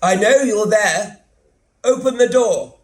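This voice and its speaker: A male actor voicing a blunt, nosy woman who speaks loudly and curtly. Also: medium pitch, normal speed, gravelly, close to an everyday voice. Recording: roomy theatre sound.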